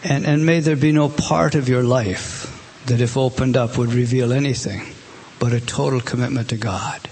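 A man's voice: medium pitch, moderate pace, darkish tone, a little hiss or hum. A middle-aged man preaching a sermon as pastor, earnest and exhorting, with frequent restarts.

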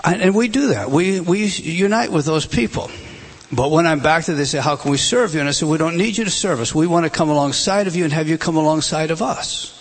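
A man's voice: a little high, fairly quick, husky. A middle-aged man preaching a sermon, emphatic, with rhetorical questions. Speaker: pastor.

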